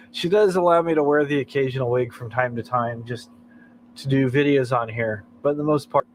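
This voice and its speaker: A man's voice: mid-range voice, moderate pace, slight background noise, rough recording. An American man hosting a late-night livestream, chatting in a rambling way and chuckling often between thoughts. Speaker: livestream host. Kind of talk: casual chat.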